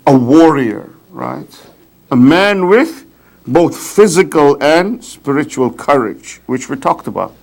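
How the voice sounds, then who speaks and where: At a mourning gathering, a male majlis speaker with a medium-pitched voice gives a religious talk in the form of a storytelling sermon. He keeps the pacing lively and often tacks on tag questions such as "right?".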